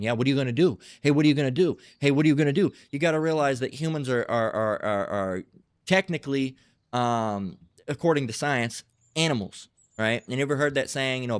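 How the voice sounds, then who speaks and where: A man's voice: medium pitch, fairly bright tone, dry recording. A man preaching in a blunt, profane, emphatic style, repeating himself and acting out quarrels.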